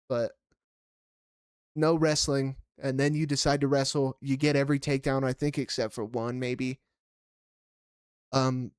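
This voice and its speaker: Animated, swearing man recapping fights. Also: mid-range voice, clear, resonant tone, no room sound, clean studio sound. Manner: animated, swears freely, laughs loudly. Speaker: podcast co-host. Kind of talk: casual MMA fight recap.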